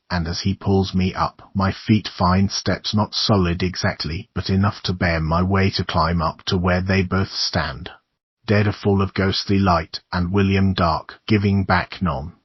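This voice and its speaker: A man reading a horror audiobook in a measured, somber narration. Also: low-pitched, slightly rough, no room sound, muffled recording.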